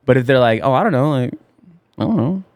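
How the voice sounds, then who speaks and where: A man hosts a podcast in loose, crude banter. He laughs often and jumps into bits of quoted dialogue. His pitch swoops widely, and the sound is dry and close. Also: animated, fast, no echo. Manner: laughing, riffing, acts out quoted lines. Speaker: podcast host. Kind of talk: crude casual chat.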